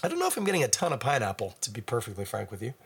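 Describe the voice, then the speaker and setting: A man's voice: medium pitch, wildly swooping pitch, very fast, husky. A man giving a casual, rambling beer tasting review full of asides.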